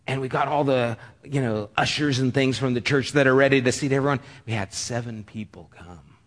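A middle-aged man preaching a sermon, telling a personal story in an earnest, halting way with frequent restarts. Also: medium pitch.

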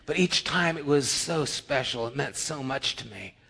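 A middle-aged male pastor preaching a sermon, telling personal stories and acting out the dialogue with rising excitement. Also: medium pitch, normal speed, husky.

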